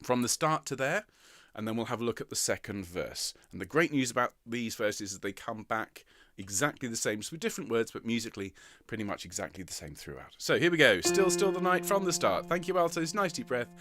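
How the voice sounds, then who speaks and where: A man leading a choir rehearsal, counting in, giving gentle praise and singing short lines high and soft. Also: expressive, brisk, no room sound, clean studio sound. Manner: encouraging, counts in and sings demonstrations in falsetto. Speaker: choir director. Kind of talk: online rehearsal teaching. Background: piano.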